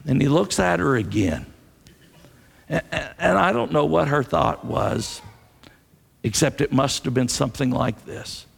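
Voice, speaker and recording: A male pastor preaches slowly in a gravelly voice, telling the story earnestly and repeating his key phrases. His voice rings with a long reverb through a church sanctuary. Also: a little high, animated. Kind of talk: sermon. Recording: long reverb of a large hall.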